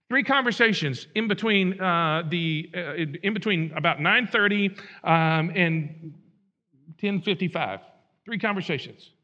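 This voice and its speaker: A man's voice: high-pitched, pushed and bright, dull audio. A male pastor preaching a sermon, earnest and pleading, repeating phrases and restarting his sentences.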